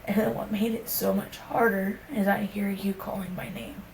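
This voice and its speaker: A woman's voice: medium pitch, steady tone, normal speed, darkish tone. A young woman speaking candidly and rawly, telling a personal story in conversation and swearing casually. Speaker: podcast guest. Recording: echoey room with faint background hum.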